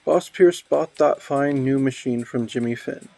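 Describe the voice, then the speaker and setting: A man voicing an unrepentant jailed bootlegger, reading the lines out flatly in his own voice. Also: medium pitch, measured pace, creaky, dry recording, faint music behind. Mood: smug.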